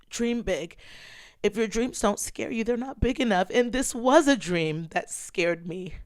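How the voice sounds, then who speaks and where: Woman, 30s, podcast host, tearful, expressive storytelling, crisp voice, dry close sound. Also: medium pitch, no echo. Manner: emotional, expressive storytelling, addresses listeners as y'all. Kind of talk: casual personal vlog talk.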